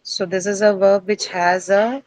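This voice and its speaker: A woman's voice: mid-range voice, fairly even intonation, measured pace, darkish tone, dry recording, poor audio. A middle-aged woman teacher lecturing a class, explaining step by step and quizzing her students as she goes.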